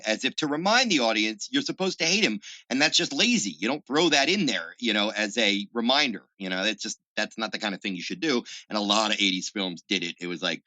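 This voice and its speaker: A man chatting on a podcast as a guest film critic, opinionated, with animated asides. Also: lowish voice, a little fast, few pauses, no room sound. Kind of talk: casual podcast chat.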